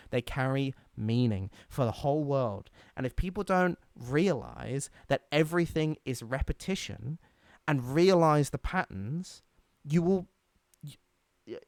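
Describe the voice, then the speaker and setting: A young man co-hosting a casual podcast, telling stories in an animated, indignant way. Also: medium pitch, no room sound, studio quality. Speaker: podcast co-host.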